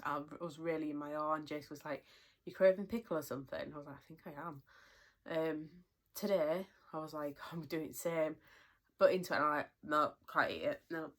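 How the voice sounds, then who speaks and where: A young British woman chatting in a casual vlog update, rambling with lots of fillers and a little out of breath. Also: low-pitched. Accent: British English. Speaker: vlogger.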